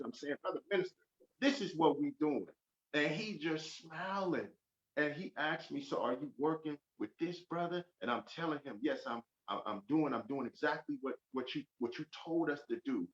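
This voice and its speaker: A man gives a fervent testimony on a podcast, swinging from quiet asides to loud emphatic peaks. His voice sits in a roomy space. The sound is dull and lo-fi. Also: a little high. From Oakland. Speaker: podcast guest.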